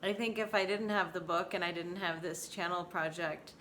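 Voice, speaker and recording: A woman's voice: fairly low pitch, steady tone, moderate pace, a bit bright, slight background noise. A woman in her forties talking candidly to her home vlog audience, open and emotional, often close to laughing. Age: 40s. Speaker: vlogger. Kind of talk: casual personal vlog talk.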